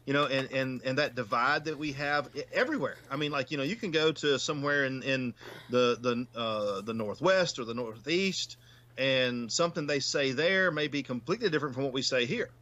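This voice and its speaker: A man's voice: medium pitch, a little fast, bright, forceful tone, highs cut off. A man with a Southern US accent, a podcast guest talking things through and stumbling over repeated words. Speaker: guest, paranormal investigator. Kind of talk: casual chat.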